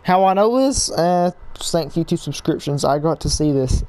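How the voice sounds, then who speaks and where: A young man rambling excitedly to viewers as he plays a game, recorded at home with game music behind him. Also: a little high, normal speed. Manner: excitable, rambling, talks to viewers while playing. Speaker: gaming YouTuber. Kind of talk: casual let's-play commentary. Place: home room, people audible outside.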